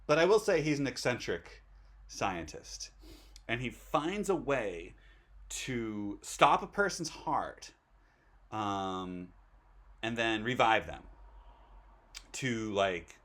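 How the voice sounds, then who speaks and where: An excitable male host chatting casually, his pitch leaping all over the place as he gets carried away. He rambles and circles back on himself, piling on asides and restarts. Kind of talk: casual movie chat.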